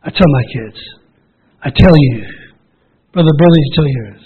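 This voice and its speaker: A man preaches an emotional sermon, his voice raised a little and raspy all through. He keeps repeating his lines and builds them up with feeling. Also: on the high side, expressive, normal speed, narrow, tinny audio. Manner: emotional, repetitive, rising to shouted calls.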